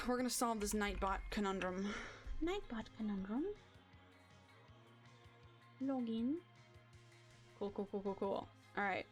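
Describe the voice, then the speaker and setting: A young woman streaming a game, chatting in a rambling, excitable, self-mocking way. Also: medium pitch, normal speed, faint music behind. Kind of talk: casual live-stream chatter.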